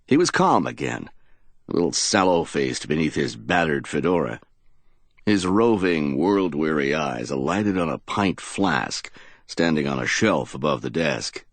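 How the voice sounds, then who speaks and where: A man's voice: extremely low pitch, very animated, measured pace, no echo. A man narrating a hardboiled crime audiobook in a dramatic storytelling manner.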